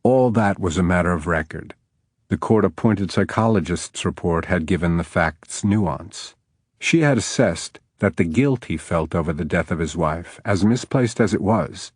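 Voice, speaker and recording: A man reading an audiobook in steady, even scripted narration on a close studio mic. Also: deep voice, moderate pace, husky, no echo.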